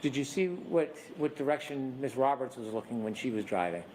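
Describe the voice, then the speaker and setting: A man acting as prosecutor in a courtroom, asking measured, methodical questions. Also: medium pitch, animated, darkish tone, a little hiss or hum, rough recording.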